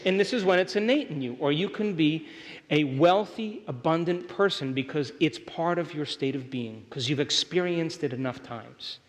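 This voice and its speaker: A man delivers an emphatic motivational lecture and keeps checking in with his live audience. His voice sits fairly high for a man. It rings with the long reverb of a large hall. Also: expressive, moderate pace. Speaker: workshop speaker.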